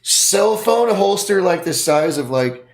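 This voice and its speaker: A man's voice: high voice, lively intonation, takes it slowly, creaky. A man hosting a podcast, telling long rambling stories full of swearing in casual chat. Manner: profane, rambling storyteller. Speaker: podcast host.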